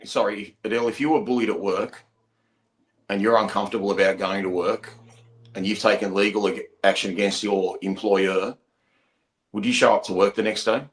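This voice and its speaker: An Australian man hosts a casual sports podcast, asking his questions loosely and conversationally. His voice sits a little low. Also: fairly even intonation, normal speed. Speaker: podcast host. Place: pub venue.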